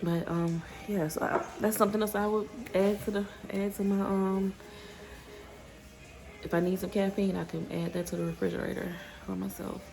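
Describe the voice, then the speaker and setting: A woman's voice: medium pitch, little pitch movement, moderate pace, creaky, a little mellow, faint music behind. A woman vlogging in a rambling, casual way, stopping and restarting her sentences and getting heated when she rants. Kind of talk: casual vlog chat. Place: outdoors then home.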